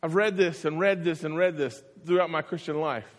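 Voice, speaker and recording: A man preaching a sermon, telling the story in an animated way and acting out the voices. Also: on the high side, normal speed. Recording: long hall reverb.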